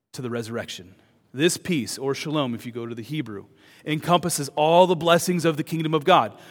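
A man preaching a sermon as pastor, moving between loud urgent emphasis and soft hushed words. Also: a little high. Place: church. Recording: long hall reverb.

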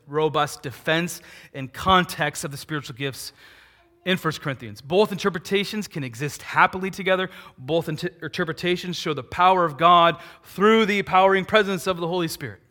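A middle-aged male pastor delivers a sermon with a bright, forceful edge to his voice. He preaches in an animated way, with questions he answers himself. His voice sits a little higher than most men's and swings from loud, pushing peaks down to low, hushed asides.

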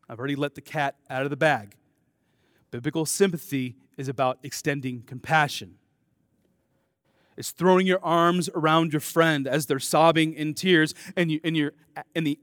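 A man preaching a sermon to his congregation. He swings between soft, intimate asides and loud, emphatic declarations, with casual, self-deprecating remarks. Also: fairly high pitch, no room sound, clean studio sound. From American Midwest. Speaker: pastor.

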